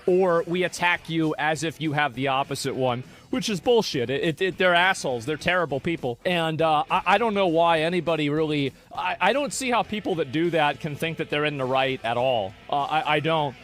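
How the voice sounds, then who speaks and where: A man's voice: a little high, fairly quick, hardly any pauses, a bit bright. A man in a played stream clip, talking casually and dismissively, often stumbling over restarts.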